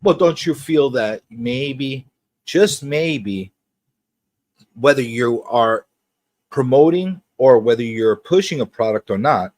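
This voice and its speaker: A man hosting a casual pop culture livestream, teasing his guest and chatting in an animated way. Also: slow pace, dry recording. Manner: animated and teasing, jumps between high and low.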